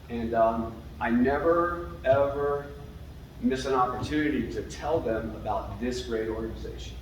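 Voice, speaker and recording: An emotional man gives a grateful acceptance speech, pausing between phrases. He is picked up from far off in a very echoey large hall. Steady room noise sits clearly under his voice. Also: medium pitch. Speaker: hall of fame inductee.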